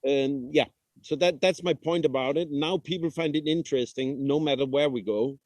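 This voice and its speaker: A man, a traveling father, answering thoughtfully in a casual interview, pausing often with "uh". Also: fairly high pitch, darkish tone, no room sound. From Denmark. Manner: reflective, halting with frequent "uh".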